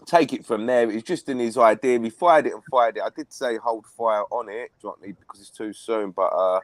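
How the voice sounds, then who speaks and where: A man's voice: mid-range voice, normal speed, no room sound. A man chatting on a live stream, telling a long rambling story. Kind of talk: casual chat.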